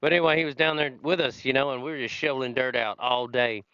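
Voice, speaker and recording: A man's voice: mid-range voice, steady tone, fast talker, pushed and bright, clear, resonant tone, no echo. A man hosting a podcast, telling his own recovery story in a rambling, conversational way with many fillers. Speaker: podcast host. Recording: slightly dull lo-fi sound.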